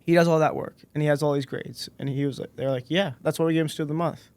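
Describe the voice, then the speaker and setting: A man in his twenties, a podcast guest, telling a personal story in a relaxed way and acting out the dialogue. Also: on the high side, fast talker, no echo. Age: 20s. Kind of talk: casual storytelling interview.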